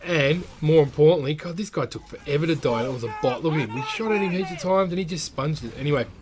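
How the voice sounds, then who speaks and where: A man's voice: on the high side, animated, quick pace, noisy background. A man with an Australian accent chatting casually about travel while commenting on his gameplay, rambling and often calling the viewers guys. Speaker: gaming channel host.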